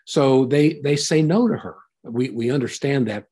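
A man's voice: mid-range voice, moderate pace, mellow, slightly rough. A man teaching a Bible passage in a conversational sermon, retelling and explaining it in a folksy way.

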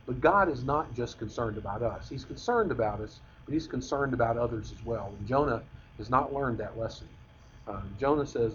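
A man's voice: medium pitch, moderate pace, a bit bright, a little hiss or hum. A man teaching a Bible class in a conversational, rambling way, often restarting his sentences. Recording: dull lo-fi recording.

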